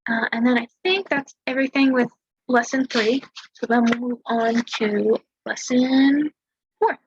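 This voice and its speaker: A woman tutoring a language lesson over a screen share in a relaxed, chatty way, talking through examples. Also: fairly high pitch, measured pace, lo-fi sound, slight background noise. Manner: relaxed, chatty explaining with fillers and small laughs.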